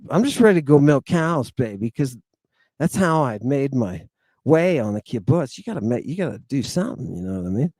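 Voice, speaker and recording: Lively, animated man spinning a yarn. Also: mid-range voice, no echo. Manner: animated, slangy, peppers lines with "right?" and "baby". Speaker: podcast host. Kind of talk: casual storytelling monologue.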